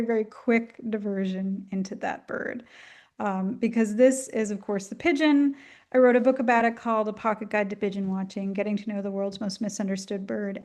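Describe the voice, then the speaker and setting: A woman giving a chatty, enthusiastic talk with many ums and asides, coughing now and then as she gets over a flu. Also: fairly high pitch. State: coughing, at the tail end of a flu. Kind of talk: casual illustrated lecture.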